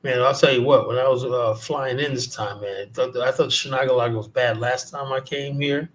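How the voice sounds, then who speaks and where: A man's voice: medium pitch, fairly even intonation, fairly quick, a little hiss or hum. Profane, rambling New man. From South Jamaica, Queens, New York. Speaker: livestream host. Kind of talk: casual livestream rant.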